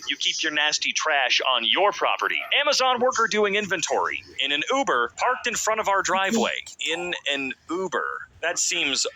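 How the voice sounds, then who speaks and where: A man's voice: a little high, huge pitch swings, normal speed, few pauses, noisy background. A man reading out memes and headlines with sarcastic, wry asides as comedic commentary.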